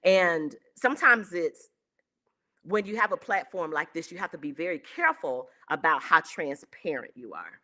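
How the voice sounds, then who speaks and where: A woman's voice: deep voice, sharp tone. A woman hosting her own online show, telling a personal story to her viewers in a candid, emotional way. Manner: candid and emotional, acts out quoted voices.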